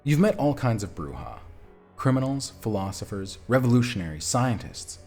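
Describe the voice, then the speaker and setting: A man reads a text-based vampire adventure aloud on stream, breaking off for chatty, self-mocking asides. His voice sits at a middle pitch but swings animatedly, with faint music playing underneath. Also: big pitch swings, moderate pace, a little mellow. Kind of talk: reading a game aloud with casual asides.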